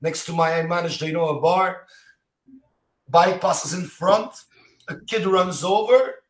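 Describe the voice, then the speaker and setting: A somewhat high-voiced man talks casually as a guest, telling animated anecdotes in choppy, fragmented bursts full of "you know". His voice rings out in a noticeably echoey room. He sounds like a martial arts teacher sharing his experiences. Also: unhurried. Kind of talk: casual interview storytelling. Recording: roomy echo.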